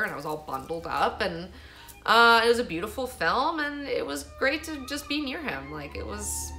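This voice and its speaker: With a lowish voice and a sharp tone, a female vlogger rambles through a casual story. She curses freely and fills her speech with "like."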